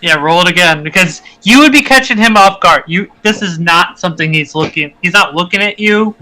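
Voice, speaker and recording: A man's voice: high-pitched, a little fast, pushed and bright, a little hiss or hum, low-quality recording. A man acting as game master, narrating a tabletop game and giving plain, matter-of-fact rulings.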